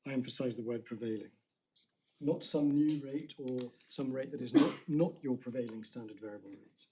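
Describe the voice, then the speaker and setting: A man arguing an appeal before judges in a courtroom, speaking formally, measured and deliberate, often restarting his phrases. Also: mid-range voice, warm tone.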